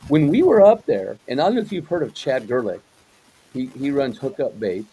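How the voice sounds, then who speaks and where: A man's voice: mid-range voice, big pitch swings, normal speed, mellow, slightly rough, rough recording. A man hosting a casual interview, talking loosely and rambling, with lots of fillers and agreeing noises. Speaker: host.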